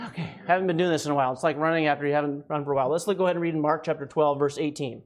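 A man's voice: fairly high pitch, steady tone, very fast. A man from the United States preaching a conversational sermon as a guest, often checking in with the congregation, a bit winded. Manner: conversational, keeps asking "right?".

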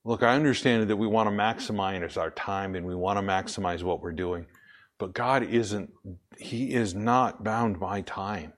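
A man preaching a sermon emphatically, slowing down to stress his points and asking questions that he answers himself. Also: fairly low pitch.

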